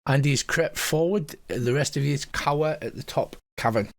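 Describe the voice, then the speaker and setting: A man's voice: fairly high pitch, moderate pace, vocal fry. A man running a tabletop game as game master, describing scenes casually. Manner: casual, descriptive, swears now and then.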